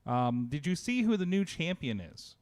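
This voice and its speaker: A man's voice: on the high side, very animated, moderate pace, darkish tone. A man hosting a casual wrestling talk show, chatty, with lots of fillers and restarts. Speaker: podcast host. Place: home studio. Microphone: close studio mic.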